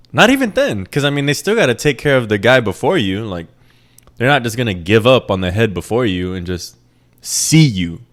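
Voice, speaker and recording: A young man from a Puerto Rican family raised in New York, ranting in a rambling, profane, joking way as a podcast host. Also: on the low side. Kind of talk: casual monologue.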